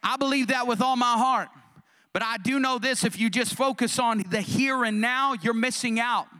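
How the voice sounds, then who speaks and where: A man's voice: extremely high pitch, moderate pace, pushed and bright. A male pastor preaching a fervent sermon in a church, rousing the congregation with call-and-response questions. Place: church sanctuary.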